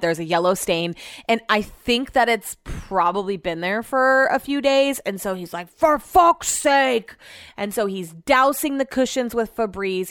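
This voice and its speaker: A woman's voice: medium pitch, a bit bright, no echo. Woman podcast host, casual storytelling, exasperated, swears a lot, dry close sound. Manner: chatty, exasperated, swears freely.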